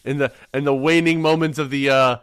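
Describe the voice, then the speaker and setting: A young man hosting a casual sports podcast, excitable and quick to laugh, often restarting his sentences. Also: mid-range voice, smooth, no echo, studio quality. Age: young adult. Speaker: podcast host.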